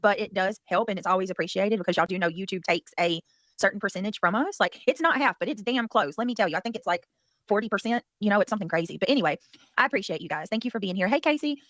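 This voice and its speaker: A woman's voice: mid-range voice, lively intonation, fast talker, a bit bright, no echo. A woman with a Southern US accent hosting a casual livestream, rambling and chatty as she thanks viewers and curses now and then. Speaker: livestream host.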